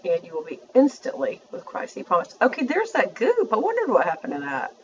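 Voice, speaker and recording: A woman's voice: on the high side, wildly swooping pitch, fairly quick, highs cut off, slight background noise. A woman, chatting through a makeup tutorial and talking to her viewers as she works. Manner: chatty, self-narrating, addresses viewers as y'all. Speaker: beauty vlogger.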